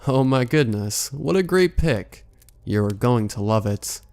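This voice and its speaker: A man's voice: lowish voice, moderate pace, a little mellow, close to an everyday voice. A man voicing a mysterious teenage girl whose chipper manner turns curt and guarded. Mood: delighted. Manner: sweet on the surface, curt underneath.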